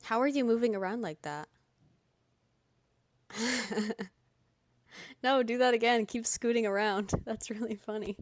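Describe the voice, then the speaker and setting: A woman's voice: a little high, unhurried, long pauses, no room sound. A young woman streamer chatting casually with her live chat, often laughing. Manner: chatty, giggly, talks to chat.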